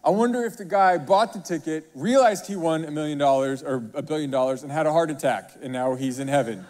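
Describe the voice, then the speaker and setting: A pastor delivers a sermon in a rather high voice, carried by the long reverb of a large hall. He tells stories animatedly and keeps asking the congregation rhetorical questions. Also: brisk, darkish tone.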